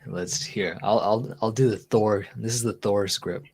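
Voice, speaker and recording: A tipsy man with a lowish voice rambles and jokes through a casual livestream chat. He stumbles over words and breaks into laughs between thoughts. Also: fairly even intonation, measured pace, darkish tone, husky. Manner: rambling, joking, laughs often. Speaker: livestream host.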